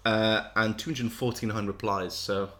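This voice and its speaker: A man's voice: lowish voice, fairly even intonation, normal speed, bright, forceful tone. A man hosting a casual podcast, reading out social media replies and laughing often. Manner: jokey, reads replies aloud with frequent laughs. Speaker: podcast host running a game.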